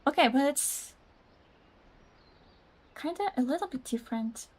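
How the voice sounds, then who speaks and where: A young woman with a fairly high voice chats casually with her viewers while playing a game. She often pauses to search for the right word and laughs at herself. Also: animated, a little mellow. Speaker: gaming streamer. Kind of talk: casual chat with live chat.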